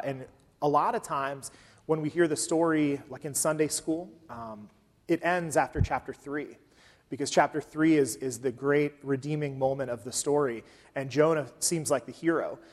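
Conversational preacher in a reverberant hall. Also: male voice, mid-range voice. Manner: conversational, with frequent um fillers. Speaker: pastor. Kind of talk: sermon.

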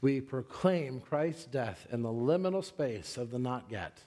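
A man's voice: expressive, a little slow, dark tone. A middle-aged man preaching a sermon as pastor, telling a story and acting out the quotes in it. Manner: storytelling, acts out quotes with raised pitch.

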